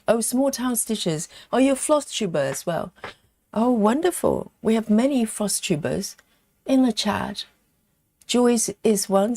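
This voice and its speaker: A woman's voice: medium pitch, warm tone, no echo, clean studio sound. A woman hosting a live stitching stream in a casual chatty way. She reads viewers' comments aloud and counts stitches as she works. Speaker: livestream host stitching live.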